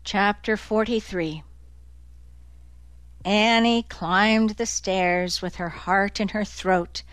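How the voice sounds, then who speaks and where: A woman reading a novel aloud as an audiobook narrator, in an even, measured way. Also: medium pitch, smooth, dry recording. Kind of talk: scripted narration.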